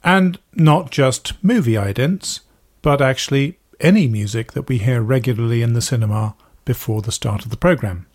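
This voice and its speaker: A man, a podcast host talking through ideas about music in a thoughtful, measured way. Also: medium pitch, a little mellow. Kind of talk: explanatory talk about music.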